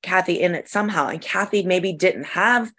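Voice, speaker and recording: Woman co-host, lowish voice, chatty and questioning. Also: moderate pace, fairly bright tone, a little hiss or hum. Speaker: podcast co-host. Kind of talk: casual chat.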